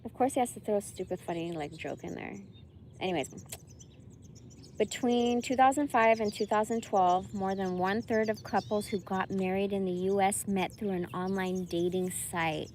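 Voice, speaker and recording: A woman's voice: medium pitch, moderate pace, darkish tone, a little hiss or hum. A woman vlogger chatting casually to her viewers, swearing freely and breaking into laughter. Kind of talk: casual chat to camera.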